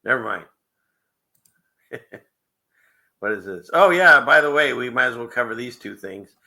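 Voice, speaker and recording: A man's voice: mid-range voice, expressive, a little slow, pushed and bright. A man hosting a casual livestream show, rambling through clips with frequent chuckles and conspiratorial asides. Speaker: show host.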